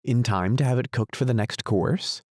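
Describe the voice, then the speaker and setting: A man's voice: medium pitch, normal speed, a little mellow, no echo, clean studio sound, close to an everyday voice. A man reading an audiobook, voicing a polite, curious young girl who asks earnest questions. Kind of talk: audiobook character voice.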